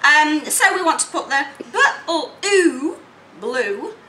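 A woman teaching phonics, sounding out words slowly in separate sounds and playing with toys. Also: high voice. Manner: animated and playful with children's toys. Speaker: literacy teacher. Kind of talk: teaching demonstration. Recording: echoey room, faint noise.

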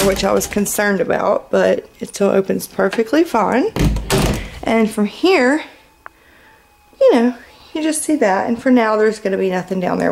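A woman chatting casually through a home vlog, rambling with quick asides. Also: mid-range voice, creaky, a little mellow. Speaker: home vlogger. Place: home kitchen. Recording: noisy home kitchen recording.

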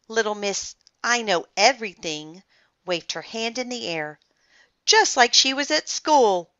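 A woman reads a children's chapter book aloud with playful, expressive delivery and a lively, bright voice. She takes her time with each line. The recording is dry and a little muffled. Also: on the high side, a little slow. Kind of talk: storybook read-aloud.

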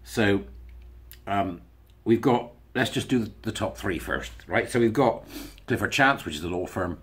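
A man's voice: on the low side, lively intonation, unhurried, husky. A man talking to camera in a casual commentary monologue, sarcastic and chuckling between remarks. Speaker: video blogger.

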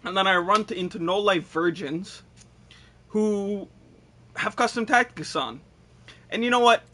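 A man's voice: high-pitched, a little slow, pushed and bright. A young man giving frustrated gameplay commentary, swearing, ranting and mocking himself sarcastically. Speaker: gaming YouTuber.

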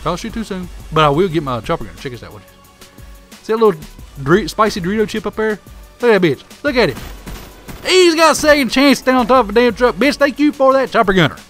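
A man's voice: high voice, sing-song, fast talker, fairly bright tone, soft background music. A man with a Southern hillbilly drawl giving crude, trash-talking commentary over his own shooter gameplay. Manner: brash trash-talking hillbilly persona, crude insults at opponents. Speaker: gaming commentator.

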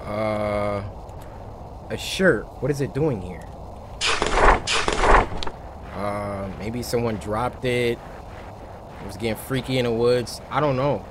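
A man commentating a horror game, muttering low and quiet as he explores, then shouting in a panic when scared. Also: unhurried, heavy background noise. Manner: hushed low muttering that breaks into loud panicked yelling. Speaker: gaming YouTuber.

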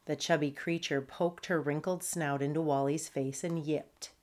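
A woman who is a children's author, reading her chapter book aloud as an expressive storyteller. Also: low-pitched, moderate pace, few pauses.

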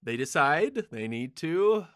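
A man's voice: on the high side, very animated, slow, crowd noise. A man hosting a podcast, casually walking his co-hosts through the history of a film production and laughing often. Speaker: podcast host. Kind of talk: casual chat.

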